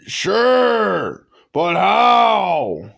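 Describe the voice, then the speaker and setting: A man's voice: high-pitched, big pitch swings, extremely slow, gravelly, a bit bright, heavily acted. A man voicing a grumpy young fishing buddy in a comic who grumbles and swears. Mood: grumbling.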